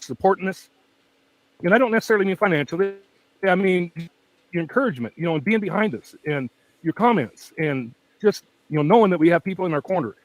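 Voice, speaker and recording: A man's voice: on the high side, dry recording, poor audio. A man hosting a true-crime channel, chatting in a casual, rambling way at home with his pets, laughing often, speaking very close to the mic, and with a weak voice that tires easily. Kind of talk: casual rambling livestream chat. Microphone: very close to the microphone.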